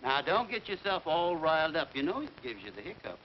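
Blustery middle-aged dad, fairly high voice, very lively pitch, dull old soundtrack. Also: male voice, a little fast. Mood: flustered. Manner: blustery, fussing, comic exasperation. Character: stubborn middle-aged family man obsessed with land. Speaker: father and husband. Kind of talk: 1940s film comedy acting. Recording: dull 1940s film soundtrack with faint hiss.

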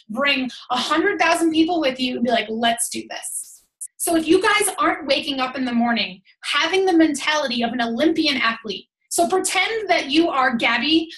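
A woman coaching her team over a call, energetic and emphatic, chatty with lots of "like"s. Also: sits high, echoey room. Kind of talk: motivational team call talk. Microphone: call audio.

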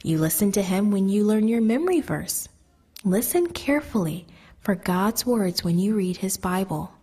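A woman telling a children's Bible story in a gentle, soft manner, often dropping to a whisper. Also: medium pitch, expressive, moderate pace, husky.

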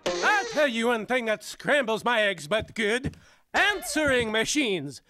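A man voicing an excitable Swedish comedian who rants indignantly about everyday things, with a Swedish accent. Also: very high-pitched, a little slow, music in the background, full character voice. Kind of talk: cartoon voice acting.

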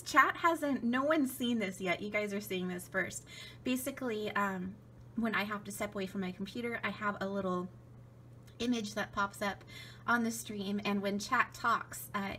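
A woman's voice: mid-range voice, fairly bright tone, slight background noise. A young woman with a cold, chatting in a bubbly, giggly way as she vlogs at home. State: has a cold. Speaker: vlogger and streamer. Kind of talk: casual vlog chat. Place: home kitchen and computer desk.

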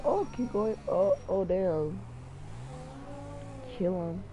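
Young guy gaming commentary, excitable, slightly high voice, faint background noise. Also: takes it slowly, dull audio. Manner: excitable, mild swearing, talks to himself. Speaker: gaming channel host. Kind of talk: live gameplay commentary.

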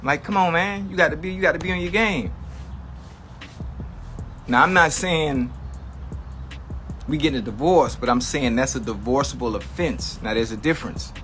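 A man's voice: on the high side, moderate pace, pauses often, fairly bright tone, soft background music. A man ranting to his livestream chat in a comedic, mock-outraged way, slangy and profane, repeating lines for effect.

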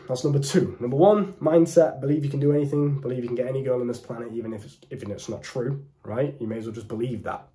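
Young British man, coaching monologue, mellow timbre, mid pitch, emphatic delivery. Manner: emphatic, deliberate, preachy. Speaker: dating coach. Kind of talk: direct-to-camera advice talk.

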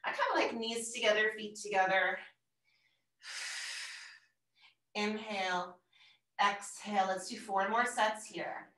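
A woman instructor calmly cueing a floor workout, breathing out between counts with steady encouragement. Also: mid-range voice, slow pace, pauses often. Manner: calm, encouraging cueing with audible exertion breaths. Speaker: fitness instructor. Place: room at home, exercising on the floor. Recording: roomy, distant from the mic.

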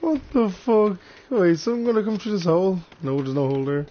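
A man's voice: a little high, lively intonation, rapid-fire, dull audio. A young man doing casual gameplay commentary, crude and sweary, laughing often as he jokes. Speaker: gamer.

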